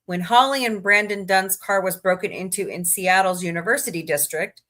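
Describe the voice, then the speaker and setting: A woman hosts a relaxed livestream, greeting viewers by name and reading uplifting news with running commentary. Her voice is bright and forward at a middle pitch, and she sounds a little tired, yawning between stories. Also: moderate pace. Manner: chatty, reads news aloud with asides. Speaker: livestream host.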